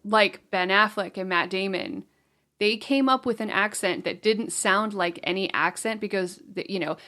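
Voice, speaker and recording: A woman's voice: medium pitch, moderate pace, sharp tone. Woman podcaster reading from her notes. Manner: brings prepared notes, explains facts plainly. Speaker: podcast co-host. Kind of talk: casual film review chat.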